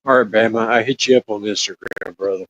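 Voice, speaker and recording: A man's voice: lowish voice, steady tone, quick pace, fairly bright tone, dry recording. A man joining a casual chat, cracking crude jokes and calling the others bro and buddy. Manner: joking, calls people bro and buddy. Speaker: guest. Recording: dry, dull lo-fi sound.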